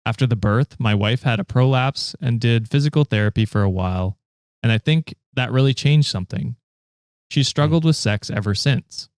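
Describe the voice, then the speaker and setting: A man's voice: mid-range voice, normal speed, a little mellow, no room sound. Man, podcast host, reads posts aloud, laughs often, dry close sound. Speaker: podcast host reading stories. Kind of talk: casual chat and reading aloud.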